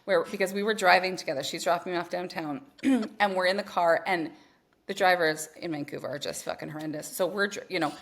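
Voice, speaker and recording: A woman's voice: fairly low pitch, a little fast. A woman coach and mother telling stories in a casual podcast chat, swearing freely and acting out each scene. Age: adult mother. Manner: profane, animated storytelling. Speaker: spiritual business coach.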